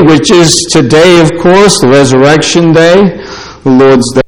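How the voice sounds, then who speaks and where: A male pastor delivering a sermon in a noticeably high voice. He speaks slowly and deliberately, driving each point home with short, repeated, scolding statements. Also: low-quality recording. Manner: emphatic, scolding preaching with repeated short declarations.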